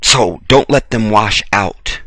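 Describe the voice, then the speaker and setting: A blunt American man delivers a heated, preachy monologue full of profanity, repeating short phrases for emphasis. His voice is bright and pointed. It is recorded close on a dry mic with no room sound. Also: on the low side, slow pace, no echo. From United States. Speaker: video commentator. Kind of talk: impassioned commentary rant.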